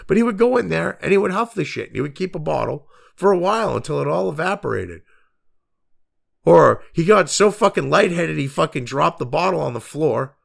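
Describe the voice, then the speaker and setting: Middle-aged guy ranting, high gravelly voice, swears nonstop, super sarcastic. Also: expressive, a little fast. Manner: angry, sarcastic, swearing constantly. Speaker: commentary host. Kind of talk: profane rant reacting to news.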